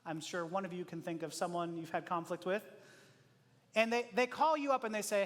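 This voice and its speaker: A man preaching a sermon as pastor, in a conversational, animated way with frequent laughs and acted-out quotes. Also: sits high, brisk, long reverb tail. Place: church auditorium.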